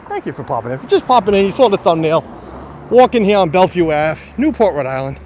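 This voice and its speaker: A man's voice: sits high, very animated, fast talker, darkish tone, slight background noise. A man live-streaming a walking tour outdoors, chatting to his viewers as he goes. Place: outdoors on a quiet street and mansion grounds. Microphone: phone or camera on a tripod.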